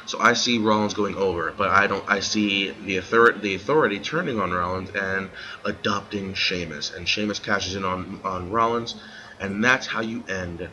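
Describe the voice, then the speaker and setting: A man's voice: low-pitched, normal speed, highs cut off, noisy background. A young man co-hosting a casual wrestling podcast, rambling and laughing often. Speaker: podcast co-host.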